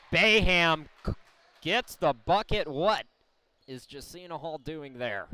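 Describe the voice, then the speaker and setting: A man calls a small college basketball game play by play. His voice sits a little high and comes across smooth and crisp. He talks slowly and explains each situation calmly. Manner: measured, explains the situation between plays. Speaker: play-by-play announcer. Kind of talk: sports commentary. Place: college gym broadcast.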